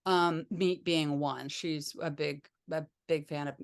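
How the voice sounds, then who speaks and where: A woman's voice: low voice, fairly even intonation, slow, creaky, smooth. A woman talking as an interview guest, rambling and hesitant, with many restarts. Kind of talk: conversational interview.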